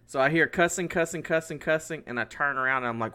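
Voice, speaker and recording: A man's voice: on the high side, fast talker, hardly any pauses, clear, resonant tone. A man co-hosting a podcast, telling a story in casual chat and acting out the lines people said. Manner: animated storyteller who acts out his own and others' lines. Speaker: podcast co-host.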